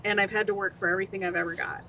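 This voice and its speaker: A woman's voice: medium pitch, rapid-fire, gravelly, dull audio, a little hiss or hum. A woman in her forties from Utah, a podcast guest telling her life story and acting out the quoted voices. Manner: animated, acts out quoted voices. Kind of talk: storytelling interview.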